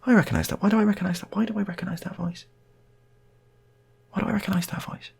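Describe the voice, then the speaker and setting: A man voicing a bewildered wife, pitching up high and repeating himself. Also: steady tone, quick pace, vocal fry, a little hiss or hum. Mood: puzzled. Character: shocked, bewildered wife of a middle-aged family.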